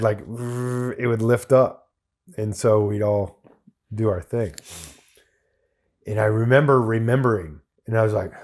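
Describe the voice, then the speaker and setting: A military veteran guest on a podcast, telling a long anecdote in casual, profanity-heavy speech full of restarts. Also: male voice, on the low side, a little mellow. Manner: profane, rambling anecdotal storyteller. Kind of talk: casual storytelling.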